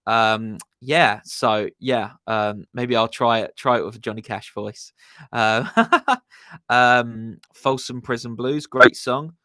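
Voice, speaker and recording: A man's voice: medium pitch, slow pace, sharp tone, no room sound, clean studio sound. A man hosting a music live stream, chatting casually with viewers in a laid-back, rambling way and greeting them by name.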